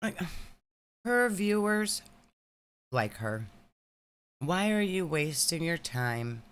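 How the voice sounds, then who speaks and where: Wry woman cohosting with lively pitch. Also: takes it slowly, clean tone. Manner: teasing, wry commentary. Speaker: co-host of a reaction stream. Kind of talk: casual livestream chat. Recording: faint background noise.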